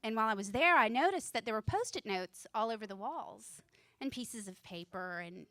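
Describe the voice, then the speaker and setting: A woman's voice: a little high, expressive, normal speed, a bit bright, no echo. A woman in her forties doing a stand-up comedy set on a club stage, nervous and self-deprecating, laughing at her own jokes. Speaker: student stand-up comic.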